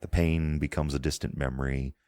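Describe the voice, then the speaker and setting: A man's voice: extremely low pitch, little pitch movement, fairly quick, warm tone, no room sound. A man as game master, narrating a tabletop game in a meandering, descriptive way, often searching for words.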